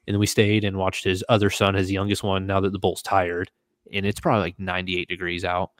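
A man hosting a podcast, telling a travel story in a casual, animated way and acting out the voices of the people in it. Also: low voice, brisk, no room sound. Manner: animated, acts out quoted voices. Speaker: podcast host.

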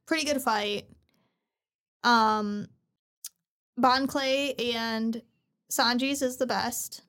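A woman's voice: fairly high pitch, very slow. A young woman co-hosting a casual podcast, retelling an anime with lots of swearing and acted-out lines. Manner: profane, animated storyteller who acts out characters. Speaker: podcast co-host. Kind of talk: casual anime recap chat.

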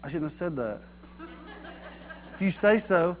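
A middle-aged man preaching a sermon in a folksy, animated way, mocking common everyday sayings. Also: a little high, unhurried, slight background noise.

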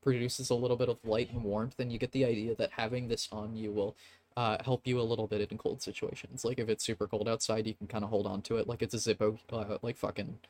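A man's voice: lowish voice, flat delivery, fast, a little mellow. A man narrating a tabletop game as game master, casual and swearing freely. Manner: casual, swears often, laughs between lines.

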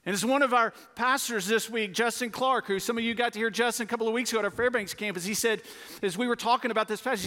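A man preaches to families and children in a high voice. He leans on key words, repeating them and calling on the congregation to answer. His voice carries a long reverb from the church hall. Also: fast, sharp tone. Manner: emphatic, repeats key words, calls for responses. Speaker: pastor. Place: church sanctuary.

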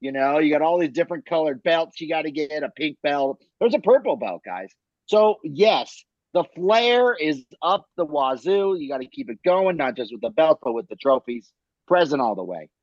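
A man in casual podcast chat with a rather high, animated voice that swings up and down. He swears freely and laughs a lot. The recording sounds dull and lo-fi, with no room sound at all. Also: normal speed, no room sound. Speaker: podcast co-host. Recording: dry, dull lo-fi mic.

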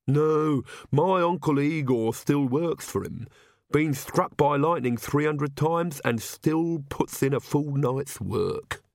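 Here the haughty storybook servant, read by a man, grumbles along slowly with sour, deliberate lines. His voice is pushed up to the high side, creaky and darkish, and the close, dry recording has no echo.

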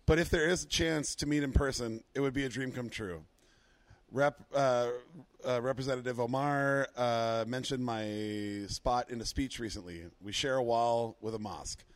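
A man co-hosting a podcast in casual chat, excitable, laughing often and swearing freely. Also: mid-range voice, normal speed, no room sound. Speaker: podcast co-host.

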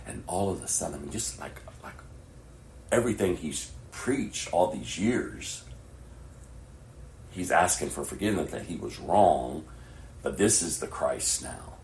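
Middle-aged male pastor, low-pitched, passionate sermon delivery with whispered lows, roomy echo. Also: animated, a little slow, pauses often, slight background noise. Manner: swings from hushed whispers to loud, impassioned preaching. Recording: echoey room with faint ambience.

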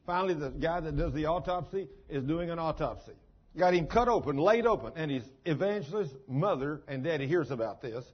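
A man's voice: a little high, lively intonation, fairly quick, slightly rough, highs cut off. A man preaching a sermon in a folksy, emphatic storytelling manner.

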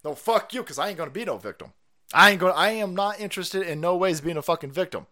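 A sarcastic, foul-mouthed man rants through a live stream, his pitch swinging widely and sitting a little high. He laughs at his own jokes and keeps the swearing coming. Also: animated, fast talker, sharp tone. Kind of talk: profane political rant.

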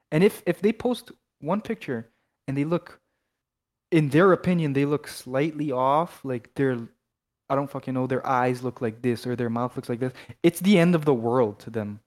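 A man's voice: mid-range voice, expressive, normal speed. A young man co-hosting a casual podcast, talking animatedly with lots of fillers and swearing. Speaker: podcast co-host. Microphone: headphones, off his usual mic.

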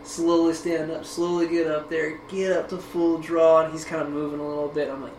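Guy with a higher voice telling a story, cussing a lot and laughing, echoey room with noise behind. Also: a little fast, hardly any pauses. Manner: animated, profane, laughs often. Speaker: podcast host. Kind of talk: casual storytelling conversation.

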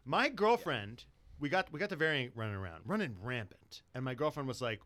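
Hyped podcast guy, bouncy lively pitch, bright sound, laughs and swears a lot. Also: brisk. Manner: excitable, laughing, swears freely. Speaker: podcast co-host. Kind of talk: casual chat.

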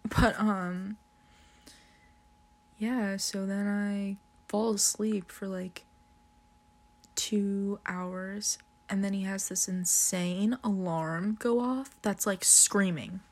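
A woman's voice: medium pitch, fairly even intonation. A young woman telling a casual, profanity-laced story, laughing often as she talks. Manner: slow, drawn-out delivery with frequent swearing and laughter.

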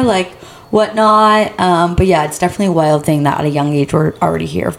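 A woman in her twenties co-hosting a casual chat, expressive, quoting herself in a higher voice. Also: fast, vocal fry. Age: 20s. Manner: expressive, quotes herself in high voice, laughs. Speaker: co-host.

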